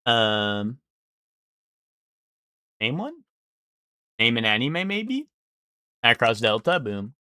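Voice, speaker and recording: A man's voice: medium pitch, big pitch swings, drawn-out words, pauses often, sharp tone, clean tone, dry recording, studio quality. A young man streaming live, thinking aloud and guessing in casual, swearing chatter.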